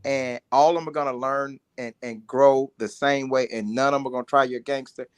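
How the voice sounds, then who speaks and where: A man's voice: medium pitch, fairly even intonation, brisk, clear, resonant tone, dry recording. Pushy man arguing, dry sound. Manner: pushy, questioning, teasing. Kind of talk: casual debate.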